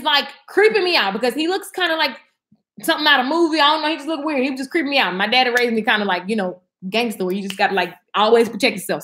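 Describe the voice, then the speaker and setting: A woman telling a personal story to an audience in a casual, animated way, swinging from hushed to loud. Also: sits high.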